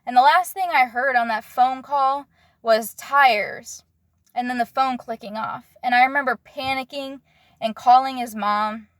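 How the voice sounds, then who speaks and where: A young woman in earnest, halting confessional storytelling, often pausing to search for her words. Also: high voice, fairly bright tone, no room sound, studio quality.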